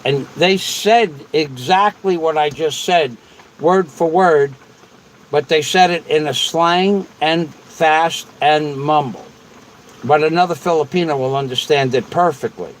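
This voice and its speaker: A man's voice: on the high side, a little slow, slight background noise, rough recording. A man hosting a casual livestream, rambling and repeating himself as he answers viewers. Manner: rambling and repetitive. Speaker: livestream host.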